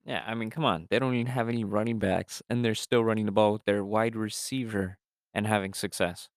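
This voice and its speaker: A young man co-hosts a football podcast, ranting with emphasis and lots of fillers. His voice sits fairly low and sounds smooth. The recording is dry and close to the mic. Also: fairly even intonation, brisk, dry recording. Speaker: podcast co-host. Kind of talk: casual sports chat.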